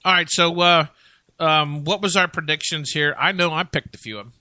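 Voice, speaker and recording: Rambling bright-voiced male radio host. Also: a little high, fairly even intonation, moderate pace, no echo. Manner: rambling, filler-heavy, joking. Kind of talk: casual radio chat.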